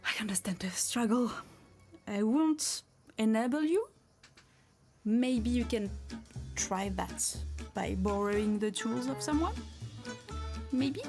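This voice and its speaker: Violin music plays behind a craft streamer with a French accent who beads during a relaxed live chat. She speaks hesitantly, restarting often, thinking aloud, and replying to chat comments; her voice is on the high side, animated and warm, slow with long pauses.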